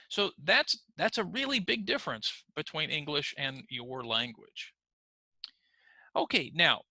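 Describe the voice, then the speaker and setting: Bright-voiced man teaching pronunciation. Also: on the high side, dry recording, poor audio. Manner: slow, clear modeling of words for learners to repeat. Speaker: ESL teacher. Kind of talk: online pronunciation lesson. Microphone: computer mic on a screen recording.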